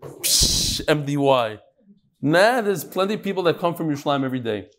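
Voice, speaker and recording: A man's voice: fairly high pitch, expressive, fairly quick, fairly bright tone. A man teaching a live class, reading out listener messages and adding casual asides, full of Yiddish and Hebrew terms.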